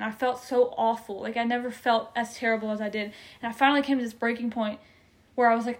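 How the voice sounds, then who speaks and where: An earnest young woman talks through her faith in a loose, conversational way, full of fillers and feeling. Her voice sits a little high for a woman. She speaks openly, as if to friends. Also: flat delivery, fast. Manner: earnest, emotional, many "like" fillers. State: tearful at times. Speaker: faith podcast co-host. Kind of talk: casual faith testimony.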